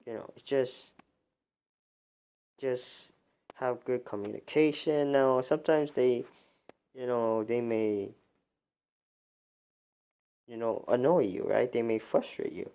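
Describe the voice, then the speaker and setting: A man talking off the cuff on a livestream, starting sentences over and repeating words as he goes. His voice sits at an ordinary middle pitch for a man. He sounds exasperated and keeps firing rhetorical questions. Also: steady tone, dark tone. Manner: halting, many restarts and repeated words. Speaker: livestream commentator. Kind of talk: unscripted livestream commentary.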